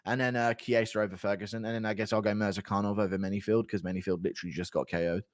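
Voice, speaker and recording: A man's voice: fairly low pitch, little pitch movement, racing, dry recording, studio quality. A 25-year-old man hosting a livestream. He chats casually, reads out donations and banters bluntly with his chat. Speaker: livestream host.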